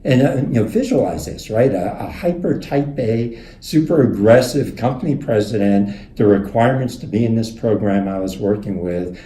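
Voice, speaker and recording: A man teaching a leadership course, telling stories in a conversational, animated way and acting out the quotes. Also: on the low side, moderate pace, slight background noise. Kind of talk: recorded lecture with storytelling. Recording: echoey room.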